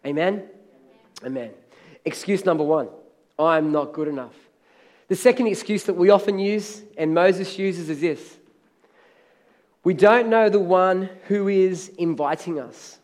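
Emphatic high-voiced male preacher. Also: measured pace, darkish tone. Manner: emphatic, repeats phrases, asks the congregation for amens. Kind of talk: sermon. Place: church hall.

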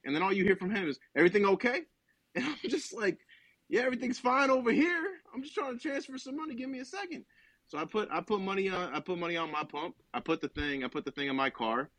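A man from New Jersey telling a story on a podcast, animated and profane, laughing as he goes. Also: fairly high pitch, no echo. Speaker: podcast host. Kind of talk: casual comic storytelling.

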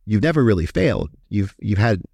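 A man's voice: fairly low pitch, sing-song, fairly quick, creaky, darkish tone, dry recording, clean studio sound. A man from Kentucky with a Kentucky accent, a podcast guest telling his story in a candid, profane, casual way with many fillers.

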